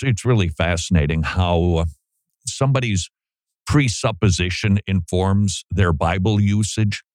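A man with a lowish voice hosts a talk show, speaking animatedly and jumping into quoted voices. The sound is dry and close, with no room around it. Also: darkish tone, dry recording. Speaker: podcast host. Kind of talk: casual commentary.

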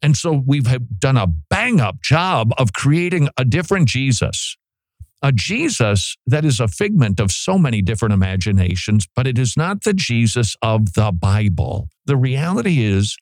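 A man's voice: medium pitch, dry recording. A man preaching an expository sermon as a pastor, emphatic, often stammering and repeating words as he builds his points.

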